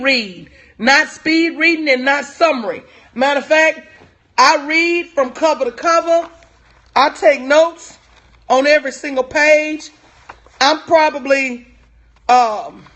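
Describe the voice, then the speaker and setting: Woman coach on a livestream, super high bright voice, preachy and repeats herself. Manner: preachy, repeats lines for emphasis; talks to viewers in chat by name. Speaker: life coach. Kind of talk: live-stream motivational talk.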